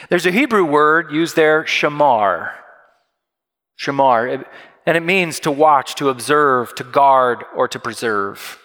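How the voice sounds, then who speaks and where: A man preaching a sermon, explaining scripture and telling a story with animated, acted-out quotes. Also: medium pitch, long reverb tail. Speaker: pastor.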